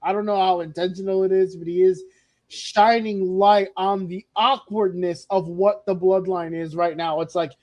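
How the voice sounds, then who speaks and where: A man's voice: high-pitched, steady tone, normal speed, darkish tone, muffled recording. A man co-hosting a podcast, chatting casually about wrestling with blunt, profane, confident opinions. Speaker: podcast co-host.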